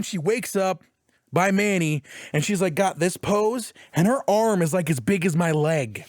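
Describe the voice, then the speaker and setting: Animated man recapping, lively swooping voice. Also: sits high, unhurried, no room sound, clean studio sound. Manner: animated, profane storytelling recap; acts out quotes in put-on voices. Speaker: podcast co-host. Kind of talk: casual podcast chat.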